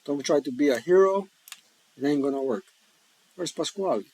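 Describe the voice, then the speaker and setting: A board wargame player and host talks casually through a solo game, rambling and joking with folksy touches. His voice is fairly high and darkish, at a normal speed, in a dry, low-quality recording.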